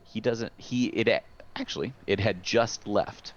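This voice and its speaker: A man's voice: on the low side, measured pace. A man narrating a tabletop game as game master, hesitant with many fillers and restarts. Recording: dull lo-fi sound.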